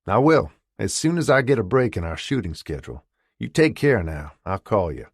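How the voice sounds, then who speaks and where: A man's voice: lowish voice, big pitch swings, moderate pace, slightly rough, no room sound, studio quality, full character voice. A man doing a drawling Southern charmer. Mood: teasing. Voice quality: elegant drawl. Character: charming American man from the South, teasing friend.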